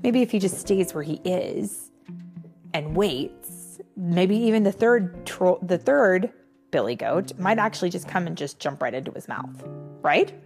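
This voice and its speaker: A woman's voice: on the low side, expressive, a little slow, darkish tone, faint music behind. A woman reading a fairy tale aloud to a child with playful, chatty asides to the listener. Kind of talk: playful read-aloud storytelling.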